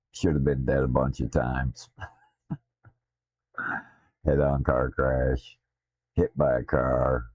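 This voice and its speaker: A man with a Southern drawl, a streamer talking casually in a blunt, profane, self-deprecating way, his deep voice slightly slurred from missing teeth. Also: creaky, darkish tone, dry recording. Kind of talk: casual rambling stream talk. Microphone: desktop streaming mic.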